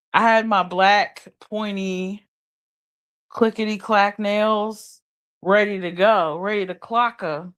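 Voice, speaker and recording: A woman's voice: mid-range voice, a bit bright. A woman, hosting a late-night livestream chat in a sassy, blunt and playful way. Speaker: livestream host.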